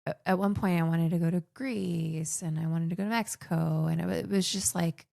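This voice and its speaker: Her voice is fairly low, mellow, and brisk, with vocal fry and fairly even intonation, captured in a clean studio with no room sound. She's a woman in her forties, raised in the Philippines, chattily sharing personal stories as a podcast guest and frequently restarting sentences.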